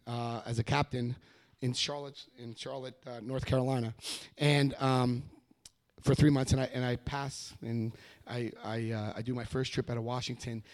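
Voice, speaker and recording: A middle-aged American man giving a rambling personal testimony to a meeting, often repeating himself and acting out quoted voices. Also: medium pitch. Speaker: recovery meeting speaker.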